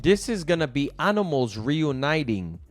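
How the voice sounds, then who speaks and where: A man co-hosting a reaction video, talking in an emotional, animated way and repeating words as he reacts. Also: on the high side, moderate pace. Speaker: co-host of a reaction channel. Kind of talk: casual reaction chat.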